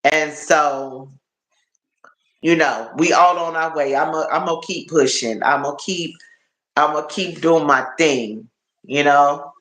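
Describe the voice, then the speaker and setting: A man with a fairly high voice chats slowly on a live stream, tired and achy, looping back over the same phrases as he talks to his viewers. He sounds like he's in an echoey room, talking into a phone. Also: a bit bright. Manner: chatty, repeats phrases, addresses viewers as y'all. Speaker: livestream host.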